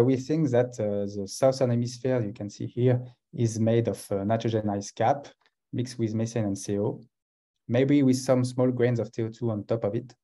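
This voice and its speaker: Over a video call, a guest scientist with a French accent delivers a science talk in a mellow, medium-pitched male voice. He is hesitant throughout, filling the gaps between phrases with many uhs.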